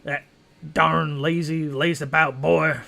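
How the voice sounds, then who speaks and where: A man's voice: a little high, level tone, takes it slowly, gravelly, bright, forceful tone, exaggerated voice. A man doing a tipsy, stammering ghost dwarf. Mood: grumbling. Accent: put-on accent that keeps slipping. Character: drunk ghostly dwarf brewery foreman, fussy.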